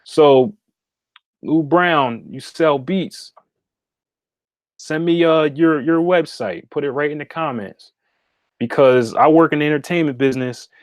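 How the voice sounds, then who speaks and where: A man's voice: a little high, measured pace, pauses often, dry recording, clean studio sound. Direct-talking man hosting a livestream. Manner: direct, repetitive, asks "okay?" often. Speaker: livestream host and spiritual consultant. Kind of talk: casual livestream talk to viewers. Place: home meditation room.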